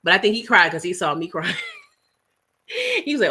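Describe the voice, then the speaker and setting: Bright-voiced chatty woman livestreaming. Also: fairly high pitch, measured pace, long pauses. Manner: chatty, animated, uses "child" and "y'all". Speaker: livestream host. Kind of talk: casual chat with live viewers.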